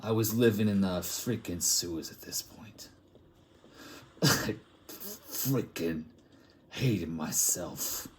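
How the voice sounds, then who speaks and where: A man's voice: low-pitched, slow, long pauses, a little hiss or hum. A man putting on a drawling back-alley plague doctor. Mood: rambling. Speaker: artist improvising a comic story. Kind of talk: improvised comic monologue.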